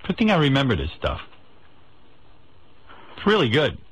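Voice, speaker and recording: Man, radio host, playful, needling, mid pitch. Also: huge pitch swings, moderate pace, husky, rough recording. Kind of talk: radio talk show.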